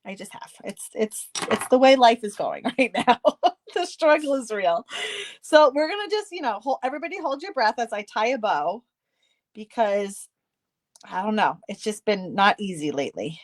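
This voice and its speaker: A middle-aged woman talks through a crafting tutorial in a chatty, self-deprecating way. Her voice sits a little high, and it is recorded close and dry. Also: lively intonation, normal speed, dry recording. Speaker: card-making tutorial host.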